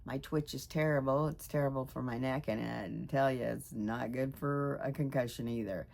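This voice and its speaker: A woman in her sixties giving a rambling, emotional personal vlog update; her voice jumps high when she gets excited. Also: moderate pace, gravelly. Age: 60s. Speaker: vlogger.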